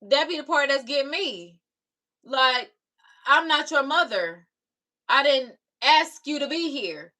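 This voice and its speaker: Sassy raspy-voiced young woman streamer. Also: high voice, expressive, takes it slowly, bright, forceful tone. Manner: sassy, talks back to commenters. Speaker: live streamer reacting to comments. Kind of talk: casual reaction chat.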